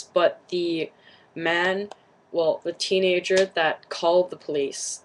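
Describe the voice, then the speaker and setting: A woman's voice: low voice, poor audio. A young woman vlogger whose first language is Cantonese, retelling something to camera in casual chat, rambling and shaken, with many fillers and restarts.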